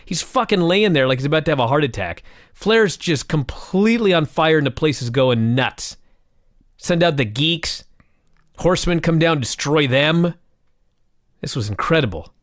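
A man's voice: fairly high pitch, moderate pace, dry recording, clean studio sound. A man co-hosting a wrestling review podcast, telling the story with passion and plenty of swearing. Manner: animated, profane, impassioned storytelling. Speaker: podcast co-host. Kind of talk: casual wrestling review chat.

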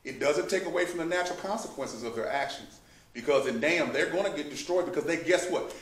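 A man's voice: fairly high pitch, a little fast. A man teaching a Bible study, speaking in an emphatic, fervent preaching manner. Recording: echoey room, mic at a distance.

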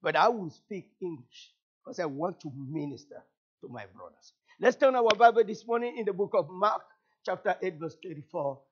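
Here a guest pastor from Cameroon, a native French speaker with a Cameroonian French accent, preaches with fervor, repeating lines and rising into shouting. He sounds high-pitched and expressive at a moderate pace, captured on a muffled recording.

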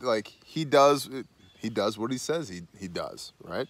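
A man's voice: fairly low pitch, expressive, takes it slowly, long pauses, no echo. A man hosting a Bible study, reading scripture aloud and then dropping into slangy, casual asides.

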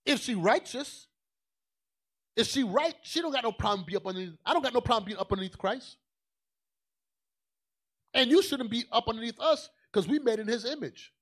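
A man with a fairly high voice preaching a sermon. He talks in a loose, colloquial way and leans hard on his points. He drops into quiet asides, then climbs back up to shouting. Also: expressive, moderate pace, pauses often.

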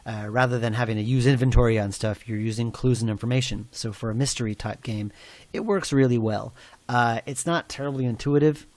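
A man giving a commentary track on a game, explaining in a thoughtful, relaxed way with frequent pauses and fillers. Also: mid-range voice, no room sound. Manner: thoughtful, many fillers and restarts.

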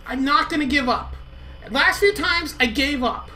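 A woman playing a horror game with her twin, excitable and swearing at the jump scares. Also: sits high, moderate pace, slight background noise. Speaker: let's play co-host. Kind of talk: casual gameplay banter.

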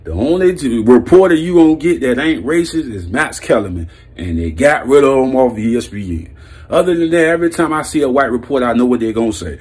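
A man's voice: medium pitch, lively intonation, quick pace, darkish tone, husky. A man giving a blunt, heated, profane sports opinion rant as a vlog host, breaking into laughs. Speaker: sports commentary vlogger.

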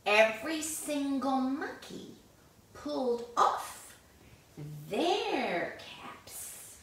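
A woman reading a picture book aloud in an animated, exclamatory way, chatting about the pictures as she goes. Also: high voice, extremely slow. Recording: echoey room, mic at a distance.

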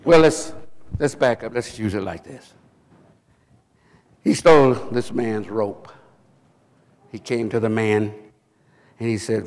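A man preaching a sermon, impassioned, rising into emphatic shouts and asking the congregation questions. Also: lowish voice, slow pace, long pauses. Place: church sanctuary. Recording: live church recording with long reverb.

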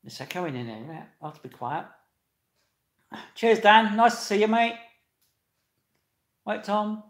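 A man hosts a casual live stream, reading comments and greeting viewers by name with loud, laughing cheer. His voice sits a little high. The room around him is echoey. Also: big pitch swings, unhurried.

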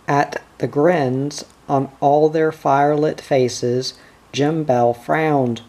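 Calm male narrator for an audiobook, unhurried, warm tone. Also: on the high side. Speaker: audiobook reader.

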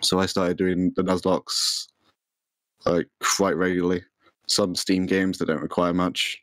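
A young man with a deep, low voice talks casually as a podcast guest, rambling along with lots of ums and restarts. The sound is close and dry. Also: level tone, unhurried, a bit bright, no room sound, rough recording. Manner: rambling, many fillers and restarts. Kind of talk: casual chat.

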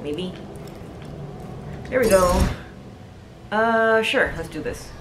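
A woman chatting to herself while playing a video game, with sudden excited exclamations. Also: mid-range voice, drawn-out words, background noise. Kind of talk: casual let's play commentary. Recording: loud game sounds behind voice.

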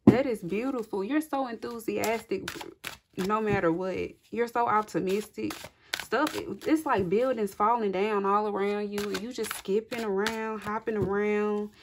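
A woman's voice: mid-range voice, unhurried, background noise. Effusive woman doing a tarot reading. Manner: effusive and encouraging, often laughing, addresses viewers directly. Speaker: tarot reader. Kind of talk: casual tarot reading to viewers. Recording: clearly audible card shuffling and clicks.

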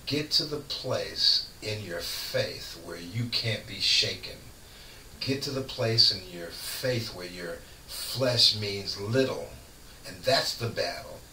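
A man who is a guest on a radio show, preaching in casual chat with fervent, lively storytelling. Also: on the low side, slow. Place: radio studio. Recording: echoey room, far from mic, faint noise.

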